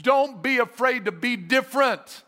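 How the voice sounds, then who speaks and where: A man preaching a sermon as a pastor, emphatic and energetic, repeating his phrases for effect. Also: very high voice, a little slow, in a large hall. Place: church sanctuary.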